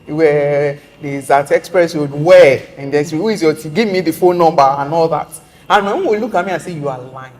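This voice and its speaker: A soft-spoken speaker telling a personal story in a casual conversation, quoting what others said. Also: mid-range voice, brisk, in a large hall.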